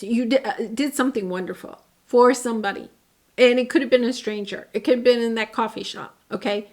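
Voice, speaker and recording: A woman reads tarot cards for her viewers, her voice sitting a little high. She speaks earnestly and with feeling, often restarting her sentences and dropping into soft asides. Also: moderate pace. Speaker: tarot reader. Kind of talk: tarot reading to camera.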